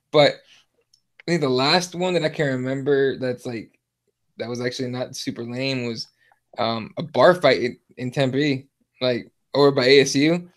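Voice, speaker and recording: A man in his thirties hosting a podcast, telling a rambling story full of fillers and swearing. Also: medium pitch. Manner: profane, rambling, lots of fillers. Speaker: podcast host. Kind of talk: casual chat, storytelling.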